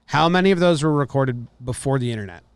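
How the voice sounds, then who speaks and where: Skeptical man with a clear, dry voice. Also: medium pitch, animated, fast talker, dry recording. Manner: skeptical, joking. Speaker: podcast host. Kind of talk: casual podcast commentary.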